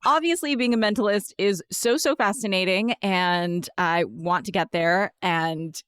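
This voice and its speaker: A woman's voice: medium pitch, a little slow, fairly bright tone, clean tone, no room sound, clean studio sound. Eager woman hosting a money podcast. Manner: enthusiastic, self-described nerd. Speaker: podcast host. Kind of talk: interview questions.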